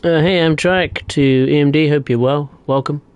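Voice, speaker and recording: A man's voice: fairly high pitch, steady tone, moderate pace, smooth, no echo. Chatty young man streaming a train game. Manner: chatty, rambling, reads out viewer chat. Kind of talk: live gameplay commentary.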